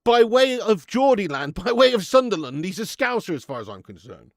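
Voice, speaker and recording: A man's voice: high-pitched, very animated, fairly quick, gravelly, no room sound, studio quality. A man hosting a live football watch-along, swearing and laughing as he bants with viewers in the chat.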